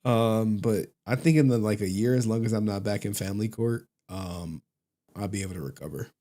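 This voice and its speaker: A man with a fairly low voice chats loosely on his livestream, cursing freely and breaking into laughs. His talk is casual, joking and profane. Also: fairly quick, dark tone. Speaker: livestream host.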